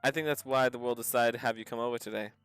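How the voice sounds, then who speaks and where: A man reading the lines of a gloomy teenage girl who admits her sadness, in a soft, subdued voice pitched below his own. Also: steady tone, rapid-fire, clean tone, faint music behind, lightly acted. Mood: despairing. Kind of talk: reading visual novel dialogue aloud.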